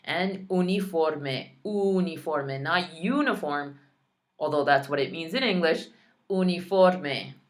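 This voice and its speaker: Slow-spoken, low-voiced woman teaching Spanish. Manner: slow, careful enunciation of practice words; chatty, playful asides. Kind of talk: online language lesson.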